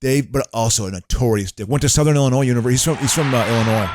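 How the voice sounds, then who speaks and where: A man's voice: medium pitch, very fast, noisy background. A man co-hosting a podcast in casual chat, rambling with stops and restarts, swearing and laughing easily. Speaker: podcast co-host.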